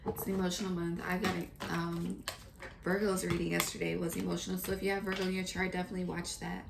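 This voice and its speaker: A woman giving a casual, earnest tarot reading, chatty and pausing often to pray or gather her thoughts. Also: lowish voice, level tone, vocal fry, very noisy. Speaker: tarot reader.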